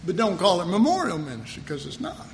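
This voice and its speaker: A man preaching a sermon, animated and emphatic, reading scripture aloud between lively asides. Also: fast, a little hiss or hum. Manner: animated, emphatic, rising pitch on key points. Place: church hall. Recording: reverberant hall with faint ambience.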